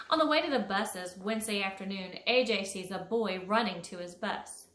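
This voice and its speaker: A woman reading a children's story for a school, expressive, leaping up high on sound words. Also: normal speed, hardly any pauses, a little hiss or hum. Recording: echoey room.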